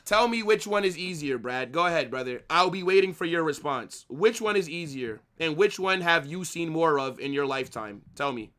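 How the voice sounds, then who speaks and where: A man's voice: a little high, animated, moderate pace, hardly any pauses, bright, forceful tone. A man streaming a live football watch-along, arguing with his chat in a brash, trash-talking way, swearing freely and calling viewers bro and brother.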